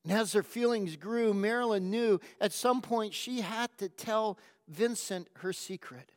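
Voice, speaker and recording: Preacher guy telling a story in a sermon, soft and slow, high voice, long echo. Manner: slow, gentle, reflective reading. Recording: long hall reverb.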